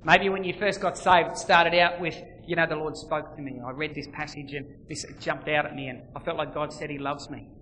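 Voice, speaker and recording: A bright, forceful male preacher delivers a sermon in a large hall. His voice sits a little high, rising to loud emphasis and dropping to near-quiet asides. The room adds a long reverb tail with faint ambience underneath. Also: flat delivery, a little fast, hardly any pauses, a little hiss or hum. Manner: dramatic swings between loud emphasis and quiet.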